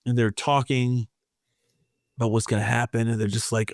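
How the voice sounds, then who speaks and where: A man co-hosting a podcast, retelling a comic plot in a halting, filler-heavy way. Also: medium pitch, flat delivery, no room sound, clean studio sound. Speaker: podcast co-host. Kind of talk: casual comics discussion.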